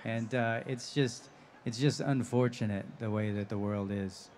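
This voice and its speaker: A man's voice: lowish voice, steady tone, measured pace, a little mellow, a little hiss or hum. A man who works as a voice actor, answering audience questions on a convention panel, chatty and laughing often as he tells stories. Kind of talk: live panel Q&A storytelling. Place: convention stage.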